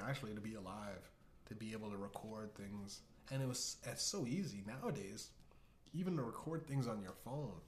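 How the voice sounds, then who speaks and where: A man hosting a casual comedy show, riffing in a rambling, profane way with many restarts. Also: fairly low pitch. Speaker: host. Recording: echoey room with faint hiss.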